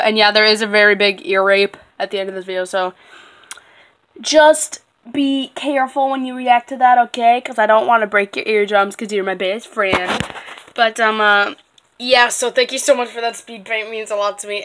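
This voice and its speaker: Excitable young woman rambling to camera. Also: on the high side. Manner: rambling, excitable, full of fillers. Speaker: channel creator. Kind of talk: casual fan vlog chat.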